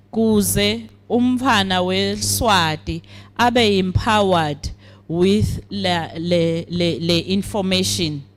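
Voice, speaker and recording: A woman with a Swazi accent giving a formal speech at a program launch, deliberate and pausing often. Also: mid-range voice, slight background noise. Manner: deliberate, with frequent hesitations. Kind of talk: formal speech mixing English and siSwati.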